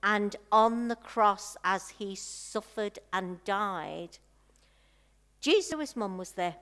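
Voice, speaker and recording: A woman preaching a sermon, telling a personal story in a slow, heartfelt way with soft pauses. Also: medium pitch, smooth.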